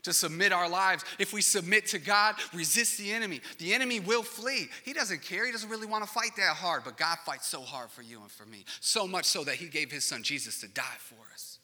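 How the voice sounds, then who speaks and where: A man in his thirties preaches to a congregation with a bright, forceful voice that sits a little high for a man. He tells stories with animated, acted-out voices and moves between loud peaks and near-whispered passages. His words carry a long reverb from a large church hall. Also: brisk, few pauses. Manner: animated storytelling, acts out panicked voices, swings from loud to hushed. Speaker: pastor. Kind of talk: sermon.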